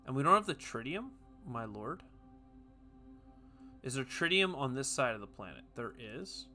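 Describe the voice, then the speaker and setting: A man giving casual, chatty commentary while playing a game, talking to himself with quick jokey asides. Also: mid-range voice, big pitch swings, pushed and bright, faint music behind. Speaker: gaming video host.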